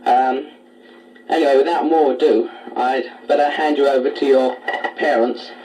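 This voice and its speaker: A man introducing relatives one by one on a casual taped letter, chatty with many pauses. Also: mid-range voice, steady tone, background noise. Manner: chatty, filler-heavy, gently formal. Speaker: family member presenting a taped letter. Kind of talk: casual spoken letter on tape. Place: a family home. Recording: distant home tape recording.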